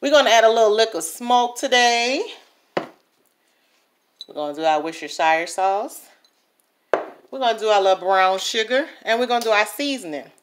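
This New Orleans woman is a home cook making a casual cooking vlog, talking at a normal pace in a slightly high, animated voice with frequent pauses. She's chatty and keeps checking in with her viewers, and there's faint noise in the background.

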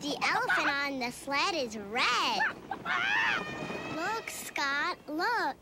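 A woman voicing a cheerful narrator of a children's TV segment, reading slowly in a bright, sing-song storybook manner. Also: sits high, animated, very noisy.

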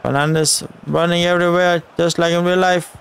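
A man's voice: sits high, little pitch movement, moderate pace, vocal fry, a bit bright, slight background noise. A man giving live commentary over his football video game, urging the on-screen players on and talking to his viewers. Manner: addresses viewers directly. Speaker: gaming channel host.

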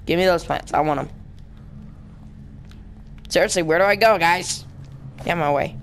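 A man's voice: on the high side, unhurried, gravelly, long pauses, fairly bright tone, slight background noise. A young man commentating his own gameplay, rambling and jokingly insulting the characters on screen. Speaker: gaming channel host. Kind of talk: let's play commentary.

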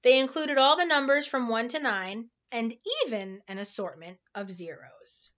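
A woman with a somewhat high voice reads a children's novel aloud at home, relaxed and unpolished, stumbling over the odd tricky word. The recording sounds dull and lo-fi. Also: normal speed. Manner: informal, stumbles over hard words and laughs at slips. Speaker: storybook reader.

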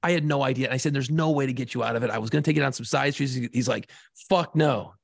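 A man's voice: medium pitch, racing, gravelly, no room sound, studio quality. A middle-aged man from New Orleans telling a long story on a podcast, swearing freely and acting out the voices in it. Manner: profane, animated storyteller. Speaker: podcast co-host. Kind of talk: casual storytelling.

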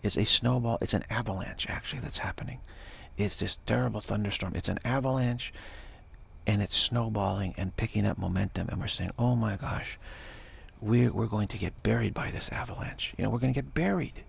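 A man's voice: on the low side, a little fast, gravelly, breathy edge. A man giving a rambling, emphatic spiritual talk as a teacher, often dropping into whispers. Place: Bay Area, California.

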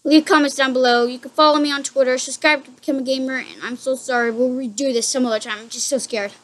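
A frightened woman with a high, light voice talks through a horror game in a room at home. She is jumpy and easily spooked, and keeps apologizing to her viewers. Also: fairly even intonation, quick pace. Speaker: gaming channel host.

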